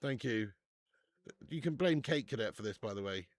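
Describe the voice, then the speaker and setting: A man's voice: on the low side, lively intonation, moderate pace, no echo. A young man hosting a live watch-along stream, bantering with viewers, swearing and laughing often. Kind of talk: live casual chat to viewers.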